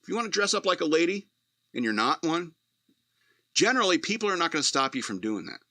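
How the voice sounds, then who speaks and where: A man's voice: a little high, very animated, fast talker, sharp tone, dry recording, clean studio sound. Blunt, sardonic male talk radio host. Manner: blunt, sardonic, profane, laughs at his own jokes. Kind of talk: opinionated commentary reading news aloud.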